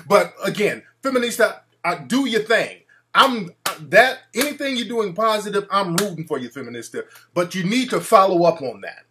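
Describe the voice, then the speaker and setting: A man's voice: high voice, very animated, moderate pace, pushed and bright, slight background noise. A male talk show host ranting in a brash, profane, mocking way.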